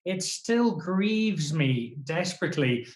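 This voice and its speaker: A man's voice: on the high side, lively intonation, slow. A man hosting a casual interview, teasing his guest playfully and stammering into restarts. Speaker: host. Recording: roomy room sound.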